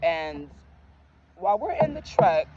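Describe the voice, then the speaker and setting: A woman's voice: fairly low pitch, very animated, takes it slowly, lo-fi sound, heavy background noise. A young woman telling a personal story in a casual, candid and profane way, full of emotion. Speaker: storyteller vlogger.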